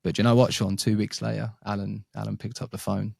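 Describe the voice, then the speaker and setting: A man's voice: fairly low pitch, flat delivery, brisk, creaky, a little mellow, breathy edge, no room sound, clean studio sound. A man who is a podcast guest, recounting his career in a rambling, anecdotal, casual way. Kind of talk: casual interview chat. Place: works in Sydney, Australia.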